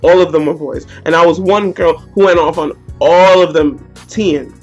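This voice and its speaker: A woman's voice: fairly low pitch, moderate pace, darkish tone, faint music behind. A young woman telling a heated, slangy story in a storytime vlog. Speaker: vlogger.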